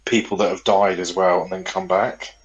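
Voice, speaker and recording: A man with a low, deep voice co-hosts a casual podcast chat. He rambles, circles back over his own words and swears freely. He talks into a studio podcast mic. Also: flat delivery, normal speed, muffled recording. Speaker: podcast co-host.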